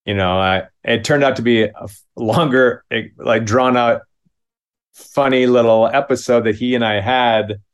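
A man in his fifties from Minneapolis, telling a comic story in a halting, self-deprecating way with many restarts. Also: mid-range voice, steady tone, smooth. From Minneapolis, United States.

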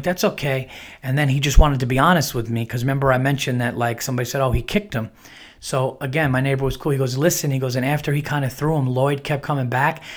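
A man hosts a podcast and tells a long, rambling story in a casual way. He keeps looping back and restarting his sentences, and he acts out the neighbor's quoted lines in a livelier voice. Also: medium pitch. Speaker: podcast host.

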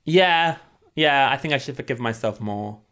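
A man co-hosting a podcast, teasing and laughing often in casual chat. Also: moderate pace. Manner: giggly, teasing, very animated pitch. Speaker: podcast co-host.

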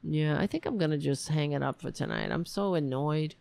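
Streaming casually from home, a frustrated host rambles on, punctuating her talk with sighs and curses. She speaks a little fast in a low, animated voice that is creaky and darkish.

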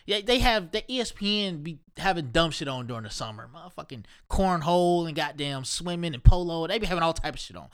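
Guy from ohio going off, cussing a lot, kinda high voice, keeps repeating himself. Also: a bit bright. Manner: profane, emphatic, repeats himself. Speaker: solo commentator. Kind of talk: casual rant monologue.

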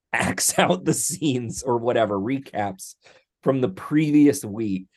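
A man co-hosting a podcast in casual chat, talking in an animated, enthusiastic way and laughing often. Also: medium pitch, slow pace. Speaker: podcast co-host.

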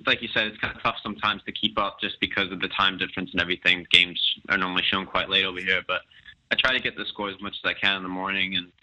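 A young man with an American accent with some British influence, giving modest, halting interview answers full of fillers, heard over a dull lo-fi line. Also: low-pitched, steady tone, bright, forceful tone. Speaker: guest professional soccer player.

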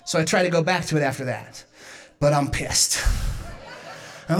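A woman's voice: deep voice, normal speed, long pauses, faint music behind. A young woman doing a stand-up comedy set, self-mocking and often laughing through her lines. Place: comedy stage.

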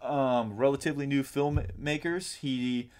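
A man's voice: mid-range voice, fairly even intonation, measured pace, darkish tone, clean tone. A man co-hosting a podcast, talking casually in a rambling way, with lots of ums and casual swearing. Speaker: podcast co-host. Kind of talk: casual chat.

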